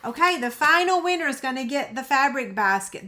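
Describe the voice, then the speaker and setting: A woman's voice: sits high, expressive, a little fast, bright, forceful tone, a little hiss or hum. A middle-aged woman, hosting a crafting livestream and chatting casually with viewers by name.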